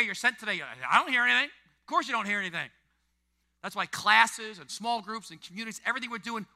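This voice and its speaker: A male pastor preaching a sermon to a congregation, animated, swinging from loud emphatic peaks to soft, intimate passages. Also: sits high. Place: church hall before a congregation.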